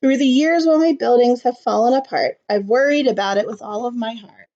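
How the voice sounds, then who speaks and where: A woman with a high voice reads a rhyming picture book aloud for children. She stops now and then to explain things simply. The recording is slightly muffled. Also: warm tone. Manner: pauses to explain words simply. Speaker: storybook reader.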